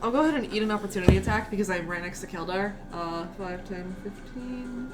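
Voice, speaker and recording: A woman's voice: medium pitch, a little fast, over loud music. A woman playing a tabletop game, chatting casually and laughing often between lines. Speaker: player.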